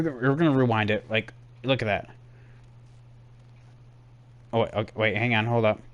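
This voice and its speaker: A man's voice: mid-range voice, moderate pace, long pauses, fairly bright tone, low-quality recording. A young man commenting on a racing game replay for his stream, rambling and self-deprecating as he talks to his chat. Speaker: gaming streamer.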